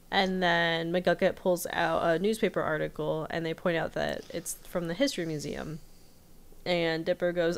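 A woman co-hosting a casual podcast, recapping an episode in chatty, giggly storytelling with quick quoted voices, recorded over a remote video call. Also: lowish voice, level tone, smooth. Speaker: podcast co-host.

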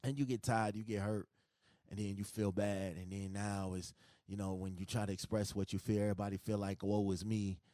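A man's voice: fairly low pitch, flat delivery, a little fast, warm tone, no room sound, studio quality. A man hosting a solo podcast, ranting in a profane, emphatic, repetitive way with speech. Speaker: podcast host.

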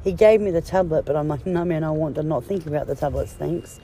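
A woman's voice: deep voice, fast talker, mellow, a little hiss or hum. A woman vlogging casually on a phone from a car and a clinic, blunt, joking and full of swearing. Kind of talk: casual vlog chat.

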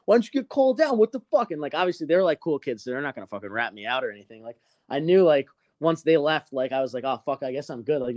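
With a slightly high voice and no room sound, a young podcast host recounts a story in casual conversation, animated and full of profanity.

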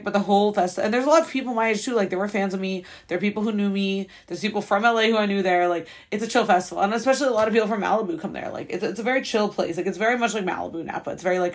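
Young female podcast host, quick rambling chatter, full of fillers and upbeat asides. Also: mid-range voice. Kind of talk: casual solo podcast chat.

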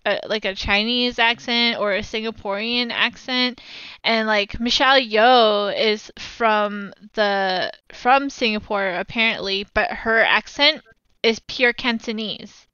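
A woman's voice: on the high side, takes it slowly, pushed and bright, smooth, no room sound. A woman co-hosting a casual movie chat, talking in a chatty, hesitant way full of fillers and restarts, on a dull lo-fi recording. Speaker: podcast co-host.

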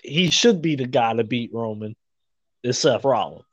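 A man in casual chat about wrestling, excitable, laughing often and swearing freely. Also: mid-range voice, normal speed, no echo.

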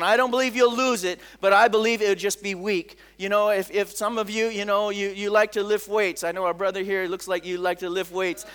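A middle-aged man preaching a sermon as a pastor, telling stories in an animated way, often saying "come on" and acting out the voices of people he quotes. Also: sits high, clear, resonant tone. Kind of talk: sermon with storytelling.

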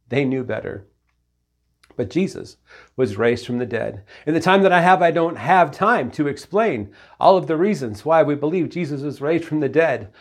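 Earnest man preaching a sermon. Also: a little high. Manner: earnest, direct questions to listeners, folksy asides. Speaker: pastor.

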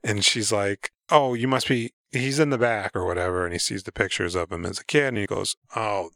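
A man's voice: lowish voice, fairly quick, fairly bright tone, no room sound, clean studio sound. A man in casual movie-podcast chat, retelling scenes and acting out the characters' lines in an offhand, profane way. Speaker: podcast co-host.

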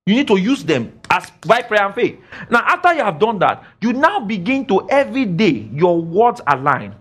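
Emphatic pastor preaching. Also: male voice, sits high, very animated, normal speed, a bit bright. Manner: emphatic and scolding, repeating phrases, with laughs. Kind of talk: sermon. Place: church.

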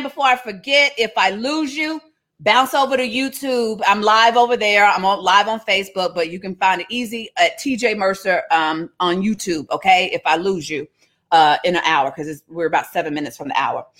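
A woman's voice: mid-range voice, a bit bright. Playful woman leading Bible study. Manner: playful, humorous asides, slangy. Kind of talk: casual livestreamed Bible teaching.

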